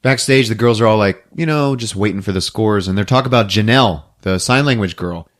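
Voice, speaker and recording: A man's voice: lowish voice, brisk. A man hosting a podcast, recapping a movie in casual chat, laughing often and acting out characters' lines. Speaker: podcast host.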